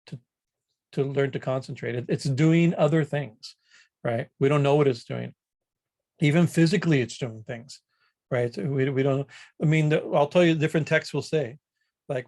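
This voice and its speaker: Swami teaching in a higher voice. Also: male voice, darkish tone. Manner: conversational, tags points with "right?", frequent restarts. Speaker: swami teaching a scripture class. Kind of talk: informal scripture lecture. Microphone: video call.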